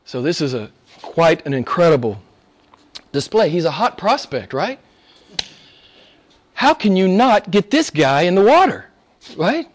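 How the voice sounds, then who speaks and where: A male pastor preaching a sermon, emphatic, swinging between loud exclamations and hushed asides. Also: high voice, very animated, a little slow, pauses often.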